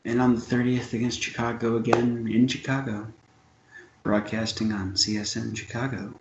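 A man's voice: mid-range voice, flat delivery, moderate pace, background noise. A man co-hosting a casual chat show, reading out game schedules with dry jokes. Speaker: podcast co-host. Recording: dull, roomy recording.

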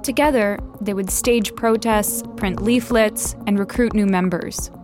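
Woman narrator, measured scripted read, mid pitch, music bed under the narration. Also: fairly even intonation. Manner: measured, clear storytelling delivery.

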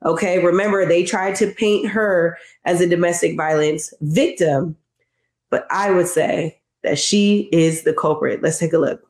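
A woman's voice: on the low side, measured pace, a little mellow. Chatty woman host in a roomy room. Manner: chatty, addresses viewers directly with slang. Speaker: show host. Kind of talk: casual commentary. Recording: roomy echo.

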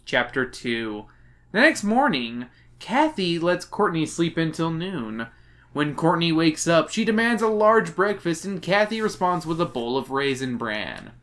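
Drunk man recapping a book, lively pitch. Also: unhurried. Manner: sarcastic, giggly retelling. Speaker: podcast host.

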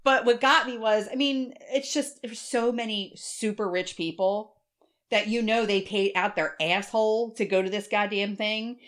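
A woman's voice: mid-range voice, normal speed. Middle-aged woman rambling thru a story on a podcast, swears a lot, does little voices for people. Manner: animated storytelling, swears freely, mimics voices. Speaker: podcast co-host. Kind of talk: casual chat.

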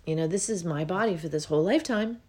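A woman hosting a spiritual podcast, talking alone in a relaxed, meandering way and yawning often as she goes. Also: lowish voice, fast talker. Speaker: podcast host.

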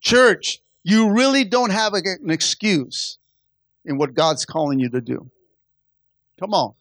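High, bright-voiced man preaching a sermon. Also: takes it slowly, no room sound. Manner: preachy call-and-response, repeats "come on, somebody"; builds to shouting. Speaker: pastor.

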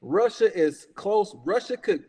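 A man's voice: high voice, expressive, measured pace, a little mellow, breathy edge, long reverb tail. A man ranting in a heated, casual podcast chat. He is profane and emphatic, repeats himself and keeps saying "bruh". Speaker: podcast talker.

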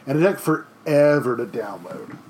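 A man's voice: medium pitch, expressive, normal speed, darkish tone, a little hiss or hum. A man in his thirties giving a conversational history lecture from home, rambling and restarting with lots of fillers. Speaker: teacher. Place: home during quarantine.

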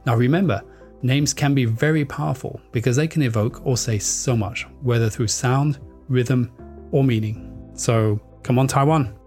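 Animated man giving a presentation talk. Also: mid-range voice. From France. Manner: animated, playfully mimics foreign accents, frequent restarts. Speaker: speaker on brand naming.

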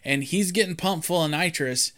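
A man's voice: a little high, normal speed. Joking man recapping a film. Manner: joking, animated storyteller who acts out quotes. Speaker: podcast co-host. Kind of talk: casual chat recapping a film.

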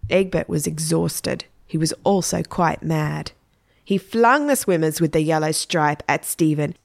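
Low-pitched woman reading a children's story. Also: measured pace, vocal fry, dry recording, studio quality.

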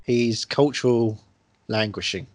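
A man in mid-range pitch chats about movies with eager, joking energy, jumping from one tangent to the next. The sound is dry and close, with no room around it. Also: unhurried, dry recording. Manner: enthusiastic, jokey, drifts into tangents. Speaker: podcast co-host. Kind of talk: casual film chat.

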